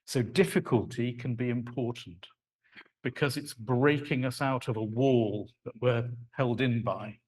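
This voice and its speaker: A man giving a live lecture on poetry to an audience, talking in an animated, conversational way and acting out sounds and rhythms. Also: medium pitch, unhurried. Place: lecture hall.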